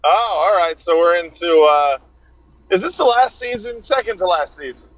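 A man's voice: sits high, animated, normal speed, fairly bright tone, highs cut off. A man joining a comedy podcast by phone as a guest, wisecracking and profane. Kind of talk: casual comedy podcast chat.

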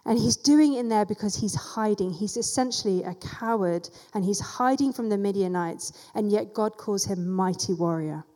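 Mellow-voiced woman teaching in a hall. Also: mid-range voice, normal speed, few pauses. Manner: conversational Bible teaching with casual asides. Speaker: church teacher. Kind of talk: sermon.

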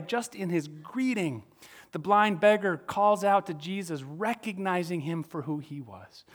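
A male pastor preaching a sermon, asking the audience questions and moving between soft asides and raised emphasis. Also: high-pitched.

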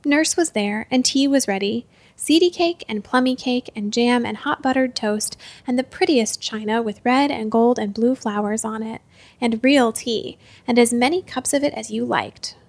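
A woman reading a storybook aloud in gentle, measured narration. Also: on the high side, no room sound.

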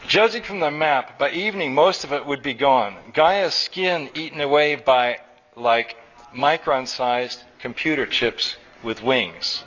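A man reading his own story aloud live at a college, wry and lively. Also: medium pitch, measured pace, highs cut off. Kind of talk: public fiction reading.

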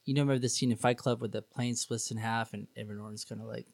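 A man's voice: medium pitch, steady tone, quick pace, gravelly, darkish tone, no room sound. A man, a podcast guest, telling his own story in a candid, sarcastic, rambling way with many fillers. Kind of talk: casual storytelling.

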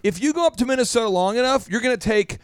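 Brief: high-pitched male host, business coach, playful and animated, bone-dry close sound. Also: fast, clear, resonant tone, no room sound. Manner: animated, drops in mock regional accents for jokes. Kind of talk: casual podcast talk with lessons.

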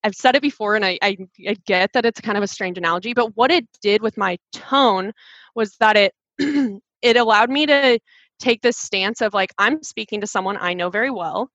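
Lively woman guest, talks quick, restarts a lot, flat dry audio. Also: medium pitch, no echo. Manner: animated, fast, many restarts. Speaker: sales rep guest. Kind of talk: casual interview chat. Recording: dull dry sound.

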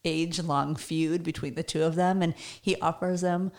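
A woman co-hosting a casual movie podcast, chatty and animated, sharing trivia and opinions. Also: low voice, normal speed. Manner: chatty, animated, laughs often. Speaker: podcast co-host.

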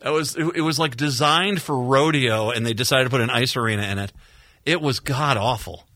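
A man's voice: mid-range voice, a little fast, pushed and bright, no echo, studio quality. A male radio talk show host from Minnesota, chatting casually with rambling repeats and sarcastic asides. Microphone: studio microphone.

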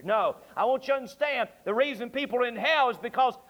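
A man's voice: very high-pitched, expressive, fairly quick, hardly any pauses, fairly bright tone. A male pastor preaching a fervent, emphatic sermon. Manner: fervent, emphatic, repetitive exhortation.

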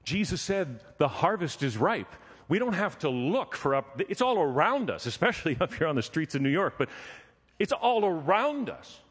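Animated male preacher in a reverberant hall. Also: a little high, normal speed, husky. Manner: animated, acts out voices in his story. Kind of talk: sermon with storytelling.

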